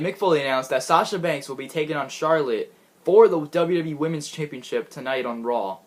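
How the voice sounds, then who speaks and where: A man giving a casual, rambling recap of a wrestling show, often laughing and restarting his sentences. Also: on the high side. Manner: chatty, giggly, rambling with restarts.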